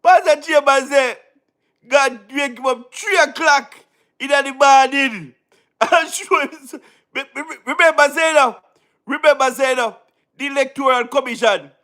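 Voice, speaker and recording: A man's voice: very high-pitched, bright, forceful tone. A man with a Jamaican accent giving casual commentary, mocking and laughing often as he repeats his phrases. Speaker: online political commentator.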